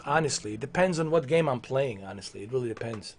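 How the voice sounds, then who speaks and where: Talking at a quick pace, this medium-pitched male livestreamer rants casually at his audience. His delivery is animated and heavily profane.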